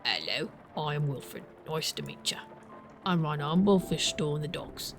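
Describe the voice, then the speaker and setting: A woman with a deep, creaky, animated voice, speaking at a moderate pace over faint music, voices Wilfred in a farming game. He's a gruff but kindly older male fox-like animal who runs a fish store, and he talks in a folksy, encouraging way.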